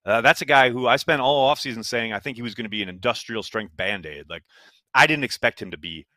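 A man's voice: medium pitch, quick pace, bright, forceful tone, no echo. A man co-hosting a casual sports podcast, talking emphatically with frequent exclamations. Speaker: podcast co-host.

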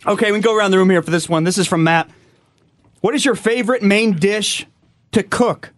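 A man's voice: sits high, fairly quick. A young man co-hosting a casual sports podcast, reading out listener questions. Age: young adult. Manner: reads listener questions aloud. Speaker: podcast co-host.

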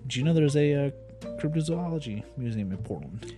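A man's voice: medium pitch, lively intonation, brisk. A man co-hosting a podcast, chatting casually with rambling, jokey, self-interrupting asides. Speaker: podcast co-host. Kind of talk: casual banter. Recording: music playing underneath.

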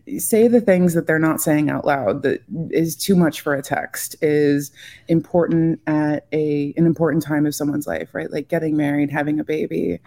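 A woman's voice: deep voice, mellow. A woman being interviewed about designing greeting cards, chatting casually and filling her talk with "like" and "you know.". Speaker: guest, greeting card designer.

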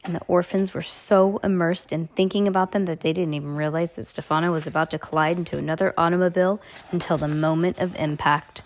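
Brief: woman audiobook reader, quick pace, stumbles and restarts now and then. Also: lowish voice, steady tone. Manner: brisk, with frequent slips and restarts. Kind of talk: reading a novel aloud.

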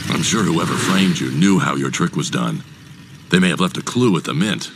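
A terse, grave vigilante; very low voice over heavy background noise. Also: male voice, animated, normal speed, creaky, full character voice. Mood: serious.

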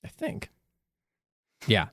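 A man co-hosting a podcast in casual chat, blunt and animated, swearing freely. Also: extremely slow, no room sound, studio quality. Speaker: podcast co-host.

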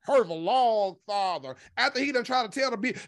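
A vlogger giving sassy, profane gossip commentary in a lively, emphatic way, swearing constantly and stretching words for emphasis. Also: high voice, normal speed, few pauses, no room sound, clean studio sound.

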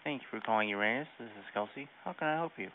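A man answering the phone at a shop, speaking in a brisk, polite, deadpan way over a tinny phone line. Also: medium pitch. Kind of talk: customer service call.

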